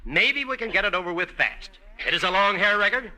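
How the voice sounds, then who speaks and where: Company president, exasperated, brusque, high voice, lively inflection. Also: male voice, fairly quick, full character voice, rough recording. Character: impatient record company president, grown man. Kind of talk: 1940s radio comedy acting.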